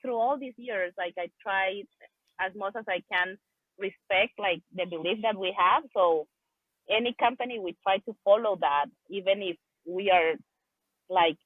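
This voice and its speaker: A woman's voice: mid-range voice, moderate pace, husky, dry recording. A woman who is a business partner, a guest in an interview, answering hesitantly over a remote call, with many restarts and "like". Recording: tinny phone-like line.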